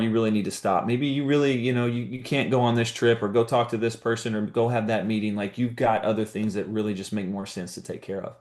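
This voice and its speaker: A man's voice: mid-range voice, a little mellow. A man giving a motivational talk to a business team, telling a story with urgent rhetorical questions and punchy repeated phrases. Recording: roomy echo.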